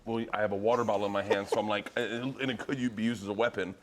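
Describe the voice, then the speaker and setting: A man's voice: fairly low pitch, fairly even intonation, fast talker, noisy background. A man, a comedian guest, telling a story in casual chat, swearing freely. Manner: profane, wry storyteller.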